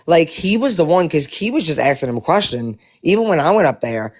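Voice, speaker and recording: A man giving casual commentary to his viewers, animated and profane, rambling with many restarts. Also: on the high side, brisk. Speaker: live-stream commentator.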